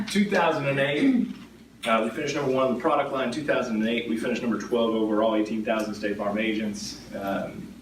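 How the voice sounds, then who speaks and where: A man's voice: medium pitch, a little fast. A middle-aged man, a guest insurance agent telling stories to an audience in a conversational way, often asking "right?". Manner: conversational, frequently adds "right?" tag questions. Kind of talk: storytelling talk to an audience. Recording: echoey room, distant mic, background noise.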